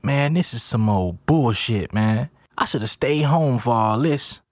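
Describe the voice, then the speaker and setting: A man's voice: medium pitch, animated, measured pace, darkish tone, no room sound, clean studio sound, voice pushed up, natural voice. A man voicing a frightened young man who keeps complaining in slang. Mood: whining.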